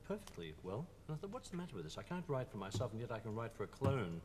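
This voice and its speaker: An actor and scriptwriter on a TV show, wry and self-deprecating. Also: male voice, medium pitch, sing-song, fast, darkish tone, slight background noise. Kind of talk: TV interview.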